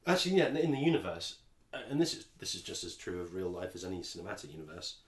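A man's voice: sits low, sing-song, fast, reverberant. An English man co-hosting a podcast, chatting casually and rambling with frequent restarts. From England. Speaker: podcast co-host. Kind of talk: casual chat.

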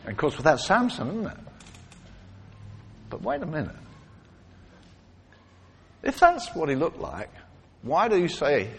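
A man's voice: a little high, a little slow, creaky, long pauses, breathy edge. A man preaching a sermon, telling stories with emphatic repetition and acting out the quoted lines. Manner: animated storytelling, acts out quotes, emphatic repetition. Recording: long reverb of a large hall.

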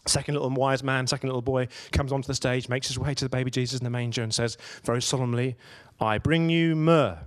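A man's voice: mid-range voice, monotone, fast talker, few pauses. A man giving a conversational sermon, telling stories and asking his listeners rhetorical questions. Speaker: preacher.

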